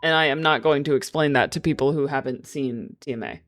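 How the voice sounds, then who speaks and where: An excitable woman streamer chatting casually with her viewers. She swears freely and breaks into laughs as she goes. Soft background music plays beneath her voice. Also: a bass voice, brisk. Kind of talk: casual livestream chat.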